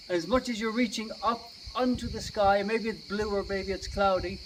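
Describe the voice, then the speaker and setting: A man teaching yoga and meditation to children, guiding them gently and playfully. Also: high voice, normal speed, few pauses. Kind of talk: guided kids' yoga and meditation. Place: outdoors. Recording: distant mic, outdoor noise.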